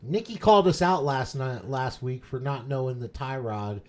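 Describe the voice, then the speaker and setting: A man's voice: mid-range voice, normal speed. A man on a casual podcast, teasing his co-hosts bluntly with some swearing.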